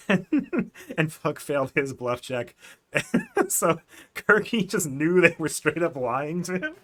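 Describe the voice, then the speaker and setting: A man's voice: on the high side, fairly bright tone. A man streaming as a game master, casually recapping his last tabletop session in a rambling, self-correcting way with frequent laughs.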